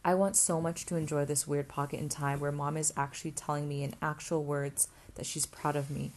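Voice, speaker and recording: A woman narrating a first-person novel as an audiobook, in a steady, even reading voice. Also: sits low, brisk.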